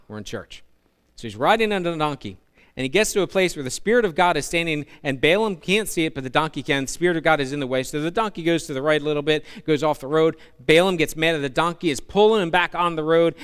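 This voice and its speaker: Brief: male pastor, animated storytelling sermon, smooth resonant voice. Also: fairly high pitch. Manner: animated storytelling with humorous asides.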